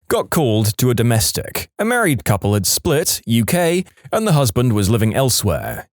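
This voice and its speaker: A male narrator reads out online stories with a wry, scripted storytelling delivery. His voice sits at a middle pitch and swings up and down with lively intonation. The sound is dry and close, with no room echo.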